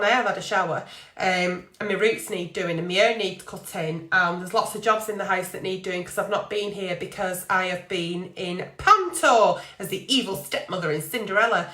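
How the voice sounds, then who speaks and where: A woman's voice: medium pitch, fairly bright tone, roomy sound. A middle-aged woman hosting a live stream from home, talking casually and emotionally with many fillers.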